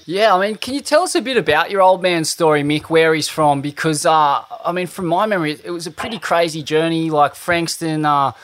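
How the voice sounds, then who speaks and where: A man's voice: a little high, brisk, few pauses, a bit bright, no echo. A man hosting a podcast, casual and swearing freely while reading out listener questions. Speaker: podcast host. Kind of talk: casual interview chat.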